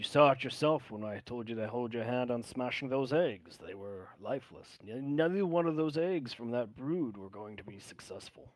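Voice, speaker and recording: Guy player in a tabletop game, calm in-character lines, dry close sound. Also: mid-range voice, normal speed, hardly any pauses, no room sound. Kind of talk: tabletop role-play.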